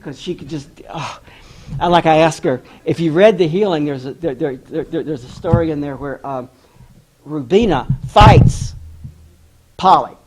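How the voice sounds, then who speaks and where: A male author giving a talk tells a story, his voice a little high with a breathy edge and a normal speed. He's an animated storyteller who acts out the voices of the people he quotes.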